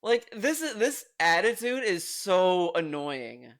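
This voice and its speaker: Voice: mid-range voice, very animated, slow pace, a bit bright. A streamer giving exasperated, ranting commentary on a video, swearing freely. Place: home streaming room.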